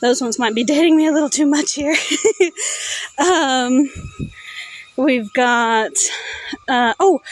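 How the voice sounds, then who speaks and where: A woman in her thirties with a notably high voice streams while she walks along a road outdoors. She takes her time, rambling and stopping with lots of fillers as she digs for memories. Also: no room sound, rough recording. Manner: rambling, halting recall with many fillers. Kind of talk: casual chat while walking.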